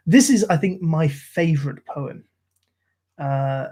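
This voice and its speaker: A man's voice: a little high, animated, slow pace, mellow, slightly rough. A middle-aged man reading poems aloud on a live stream, with dramatic delivery, a put-on London soldier's voice, and chatty, self-deprecating asides. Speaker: poetry reader on a live stream. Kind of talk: poetry recitation.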